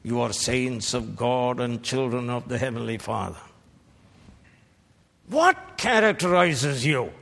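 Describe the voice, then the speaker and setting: A man preaching a fiery sermon, slow and emphatic, climbing to shouted peaks. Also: medium pitch, lively intonation, vocal fry. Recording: long reverb of a large hall.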